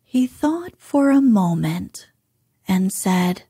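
Very slow, breathy woman's whispered role-play storytelling. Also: a little high, no room sound, clean studio sound. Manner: soft, hushed and very slow. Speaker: bedtime story reader.

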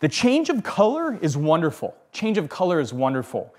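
A man leads a hands-on bonsai display lesson in an animated, conversational way. He repeats himself for emphasis and keeps asking his viewers "right?" His voice sits slightly high for a man. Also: moderate pace. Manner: animated, repeats phrases, checks in with "okay?" and "right?". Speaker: bonsai instructor. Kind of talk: hands-on demonstration talk.

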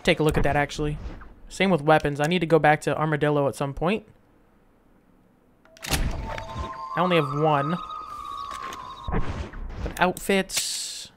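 A man's voice: on the high side, steady tone, unhurried, long pauses, noisy background. A man casually commenting while playing a game, thinking aloud with restarts. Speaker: gameplay streamer.

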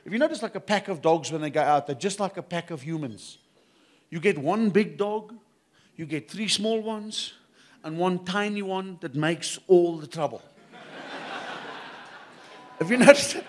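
A South African man works a live comedy crowd with a fairly high voice. He talks in short punchy lines and slips in quick asides to the audience. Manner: punchy, conspiratorial asides to the crowd, mock accents. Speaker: stand-up comedian.

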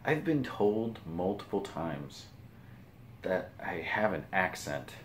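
A man from the US Pacific Northwest with a low, deep voice, chatting in a loose morning vlog ramble. He restarts his phrases, laughs at himself and lets his words come out a little mumbled. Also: very animated, slow, a little hiss or hum. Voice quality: slightly mumbled. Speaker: vlogger. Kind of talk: casual morning ramble to camera.

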